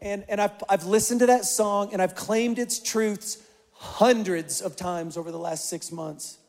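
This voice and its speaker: Pastor, male, high-pitched, preaching with passion in a big reverberant church hall. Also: fairly even intonation, a little slow. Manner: passionate, rising and pushing into loud repeated calls. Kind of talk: sermon.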